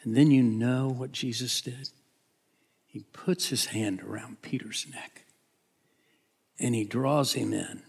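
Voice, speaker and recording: A man's voice: mid-range voice, slow, vocal fry, pauses often, breathy edge. A man preaching a sermon, retelling a Bible story dramatically, acting out the characters and sometimes dropping to a whisper.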